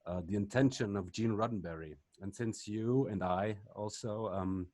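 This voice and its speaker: A man's voice: fairly low pitch, a little mellow, no echo. Hesitant man asking a question, dry sound. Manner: hesitant, halting non-native English. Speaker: audience member asking a question. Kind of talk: conference Q&A question.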